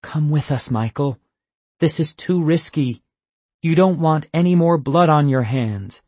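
A man's voice: on the high side, lively intonation, a little slow, a little mellow, slightly rough, dry recording, pitched above the performer's own voice. A man doing an earnest teenage boy, Ian. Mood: urgent. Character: conflicted teenage boy urging escape.

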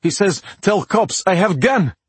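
A man voicing an excitable cab driver with a thick Russian accent and broken English, in an audiobook. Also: high-pitched, measured pace, slightly rough, no room sound, pitched above the performer's own voice, exaggerated voice. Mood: frantic. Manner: broken English, emphatic exclamations.

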